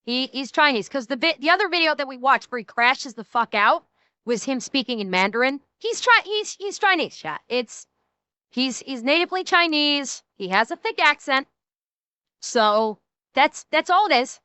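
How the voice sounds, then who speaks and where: Blunt high-voiced woman streamer. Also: lively intonation, moderate pace, pushed and bright, no echo. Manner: blunt, heated, profane. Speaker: streamer reacting to clips. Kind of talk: casual reaction commentary.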